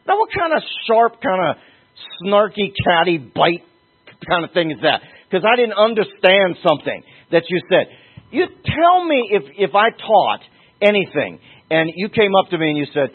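A male preacher with a fairly high, husky voice delivers an emphatic sermon. He jumps up in pitch and drags out the words he wants to land. The sound is thin and tinny, like a phone line. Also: wildly swooping pitch. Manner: emphatic, with sudden pitch leaps and slowed stresses.

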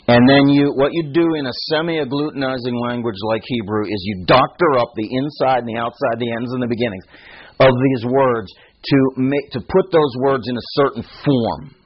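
A man's voice: mid-range voice, slightly rough. A man teaching a Bible text, emphatic and often restarting his sentences. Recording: dull, muffled recording.

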